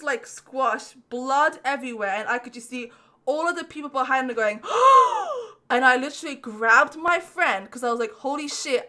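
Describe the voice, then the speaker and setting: Young female podcast host, bright forceful voice, cussing storyteller, casual chat. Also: high-pitched. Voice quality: profane, animated storyteller.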